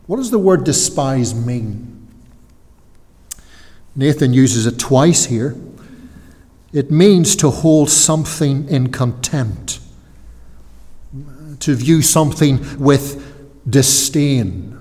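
Slow, earnest male preacher in a hall. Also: medium pitch, animated, warm tone. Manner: earnest, emphatic, slows for weight. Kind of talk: expository sermon. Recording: long hall reverb.

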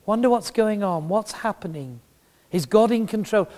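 A man's voice: sits high, expressive, moderate pace, darkish tone. A middle-aged man preaching a sermon, telling a story with emphasis and humor. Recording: long reverb in a large hall.

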